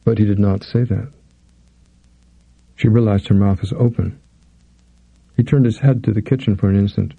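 A man reading a thriller as an audiobook narrator, in measured, intense storytelling. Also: on the low side, vocal fry, husky, dry recording, narrow, tinny audio. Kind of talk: scripted narration.

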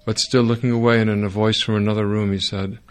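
A man narrating a first-person audiobook in a wry, sardonic way, with dry dark humor. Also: on the low side, level tone, fast talker, clear, resonant tone.

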